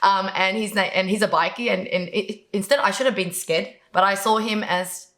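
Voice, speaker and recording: A woman's voice: mid-range voice, normal speed, fairly bright tone. A woman guest in an interview, talking about networking with enthusiasm, telling stories and laughing often. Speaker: guest sharing networking advice. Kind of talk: casual interview chat.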